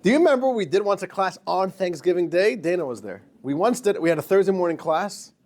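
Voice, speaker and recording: A man's voice: high-pitched, animated, quick pace, a little mellow. A man teaching a class as a rabbi, telling jokes and addressing the listeners as dear friends. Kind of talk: lecture with jokes.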